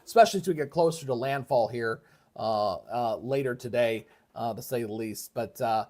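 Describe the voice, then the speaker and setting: A man's voice: medium pitch, moderate pace, a little mellow. A man hosting a live weather stream from his home setup, talking casually with lots of fillers and restarts. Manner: rambling, folksy, many fillers and restarts. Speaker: livestream weather host. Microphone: switches between microphones, moves away from them.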